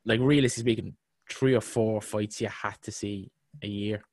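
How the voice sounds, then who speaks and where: A man's voice: fairly low pitch, steady tone, moderate pace, a little mellow, dry recording. A young Irish man co-hosting a sports podcast, chatting casually with dry, wry banter. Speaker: podcast co-host.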